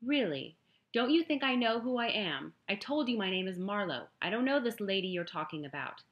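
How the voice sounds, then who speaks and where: A woman's voice: lowish voice, animated, moderate pace, dull audio, close to an everyday voice. A woman voicing a defiant, stubborn young woman. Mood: indignant. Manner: indignant, raised voice.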